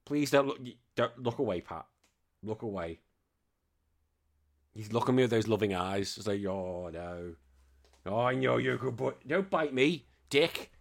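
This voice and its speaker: This podcast host is a man with a lowish, slightly bright voice. He reads listener messages in casual conversation, cracking jokes, cursing, and laughing frequently.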